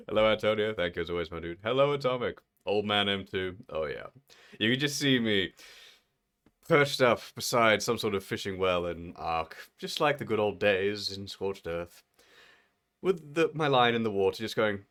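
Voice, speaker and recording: A man in his thirties hosting a live game stream, chatting playfully and laughing often. His voice sits low, and he talks with a lot of swing in his pitch. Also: sing-song, moderate pace, pauses often, a bit bright. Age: 30s. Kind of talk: casual live-stream chat while gaming.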